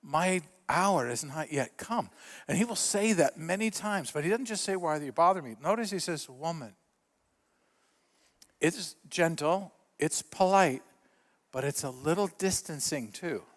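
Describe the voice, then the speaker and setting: Animated man preaching in a reverberant church. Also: fairly high pitch, moderate pace. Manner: animated storyteller, acts out quotes with voice shifts. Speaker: pastor. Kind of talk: sermon. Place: church sanctuary.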